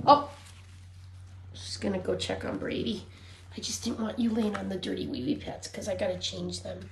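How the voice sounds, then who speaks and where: A woman's voice: a little high, a little mellow. A woman filming rescue puppies for a casual vlog, cooing at the dogs in baby talk. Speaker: dog rescue volunteer. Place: indoor room with dogs. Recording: echoey room, faint background noise.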